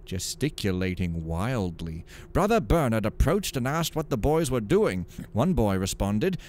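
A man's voice: fairly low pitch, very animated, unhurried, hardly any pauses, a little mellow, slight background noise. A man hosting a let's play, chatting casually and jokily, and reading in-game stories aloud in a dramatic storytelling voice. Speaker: gaming channel host.

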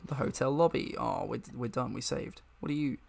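A male streamer commenting on a first-time video game playthrough during a live session. He jokes and swears freely and often laughs. His voice is mid-pitched and unremarkable in tone. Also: moderate pace, vocal fry, soft background music. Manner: profane and joking, laughs often. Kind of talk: live let's-play commentary.

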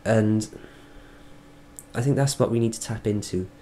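A Welsh man speaking earnestly in a reflective video diary, halting and restarting as he thinks. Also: fairly low pitch, mellow, a little hiss or hum. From Wales. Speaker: vlogger.

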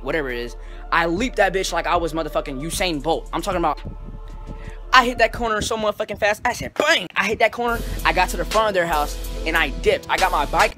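Young male storyteller, high bright voice, animated slangy delivery over faint music. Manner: animated, profane, slangy retelling. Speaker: storytelling vlogger. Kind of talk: casual storytime.

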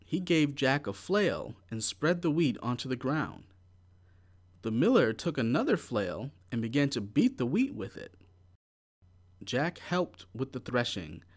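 A man reading a children's picture book aloud in a slow, clear, expressive way. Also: medium pitch. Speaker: storybook reader.

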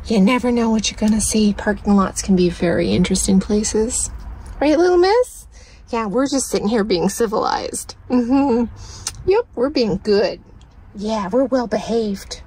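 A woman vlogging casually from inside a parked car, chatting to viewers and cooing at her dog in a high sing-song voice. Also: moderate pace, mellow, slight background noise, low-quality recording. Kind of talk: casual chat.

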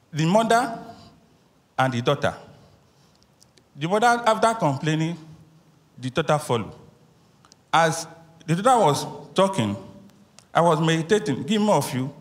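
A man stands before a church congregation to share his testimony, his fairly high voice rising and falling with earnest animation. Long reverb from the hall trails behind every phrase. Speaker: church member giving a testimony. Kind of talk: spoken testimony.

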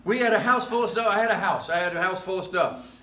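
A man's voice: high-pitched, fast talker, pushed and bright. A man preaching a casual, rambling sermon as pastor, full of jokes and chuckling asides, recorded in a church sanctuary. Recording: echoey church room.

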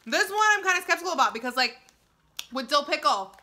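Very bright-voiced excitable young woman. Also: sits high, fast talker. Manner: gushing, excitable, filler-heavy. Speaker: YouTuber. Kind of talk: casual food-tasting vlog.

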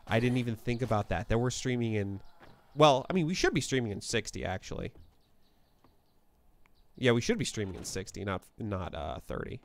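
A man's voice: medium pitch, lively intonation, normal speed, vocal fry, long pauses. A man chatting casually as he livestreams a game from his apartment, thinking aloud and often correcting himself. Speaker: live streamer. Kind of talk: casual gameplay livestream chat. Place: apartment room.

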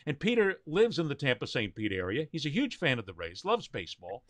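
A man's voice: mid-range voice, huge pitch swings, fairly quick, a bit bright, no room sound. A man hosting a sports talk show, emphatic and opinionated as he leads the debate.

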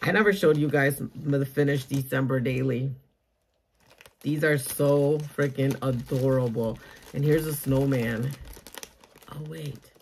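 A young adult woman vlogging as she opens a mail package, gushing with excited exclamations. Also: extremely low pitch, a little slow, a little hiss or hum. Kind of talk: casual unboxing vlog.

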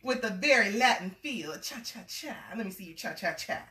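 A woman's voice: medium pitch, lively intonation, fairly quick, pushed and bright, recorded from a distance. A woman reading a picture book aloud to a child, with playful, chatty asides between pages. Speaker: storybook reader and host. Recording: echoey room, away from the mic.

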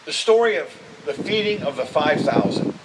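Older pastor preaching, heard from afar. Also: male voice, a little high, normal speed. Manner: earnest, building to emphatic appeals. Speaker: interim pastor. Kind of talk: sermon. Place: church sanctuary. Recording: distant mic with steady background noise.

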